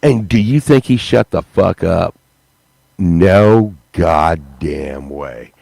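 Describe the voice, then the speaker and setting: A man with a fairly low voice tells a rambling, profanity-laced story in casual podcast chat. He gets animated and swears freely as he goes. The sound is dry and close, with no room echo. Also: takes it slowly, gravelly. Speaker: podcast host.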